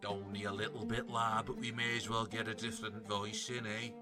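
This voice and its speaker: A man's voice: fairly low pitch, little pitch movement, a little fast, music in the background, natural voice. A man voicing a cheery, laddish archer with a Liverpool accent. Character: chatty Scouse archer, adult man.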